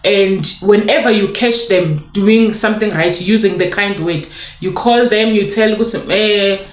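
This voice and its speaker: Woman, parenting advice, explanatory, mid-pitched voice, roomy sound. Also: unhurried. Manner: explanatory, acts out child and parent dialogue. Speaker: parenting educator. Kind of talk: sit-down advice talk.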